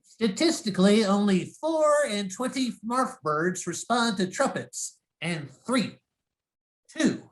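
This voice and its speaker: A man's voice: sits high, expressive, slow pace. A man playing a fussy, nerdy male Smurf producer with a pedantic, nitpicking manner in a comedy sketch. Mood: nitpicky.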